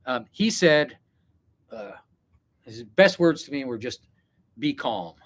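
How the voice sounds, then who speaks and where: A man's voice: mid-range voice, expressive, slow. Casual live-stream vlogger, male, meandering and reflective, chatting directly to viewers. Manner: meandering, reflective, talks straight to chat. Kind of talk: rambling casual live chat. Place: indoors, packing for a trip.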